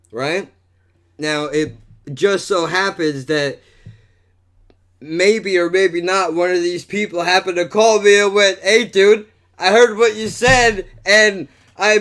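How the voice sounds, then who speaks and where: A man hosting a podcast, telling a story in a casual, animated, profane way and saying "dude" and "bro" a lot. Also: fairly high pitch. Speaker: podcast host.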